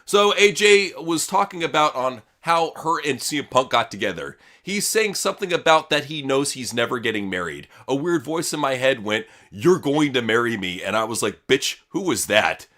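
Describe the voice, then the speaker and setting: Lively crude man hosting wrestling chat. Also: mid-range voice, moderate pace, few pauses. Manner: crude, mocking, laughs often. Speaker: podcast host. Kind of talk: casual wrestling news chat.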